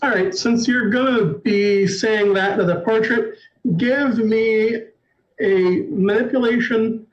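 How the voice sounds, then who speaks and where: A man narrating a tabletop game as storyteller, in a measured, descriptive way. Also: sits high, highs cut off. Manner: measured, descriptive, apologetic asides.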